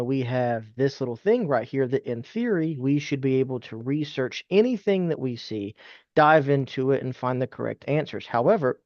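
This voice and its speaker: A man's voice: medium pitch, darkish tone, no room sound. A man who teaches civics, co-hosting a podcast and explaining points in an earnest, teacherly way. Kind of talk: casual discussion. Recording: slightly dull lo-fi audio.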